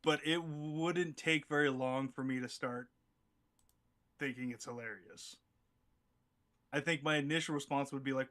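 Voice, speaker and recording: A man co-hosting a casual chat, easygoing and quick to laugh along. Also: mid-range voice, steady tone, fairly bright tone. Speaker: podcast co-host.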